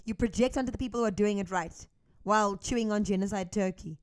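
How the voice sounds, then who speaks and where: A woman hosts a commentary video and argues firmly. Her voice sits at an ordinary middle pitch. She hammers her points home by repeating them. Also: fast. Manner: emphatic, argumentative, repeats points. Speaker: host of a reaction video channel. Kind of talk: opinionated commentary.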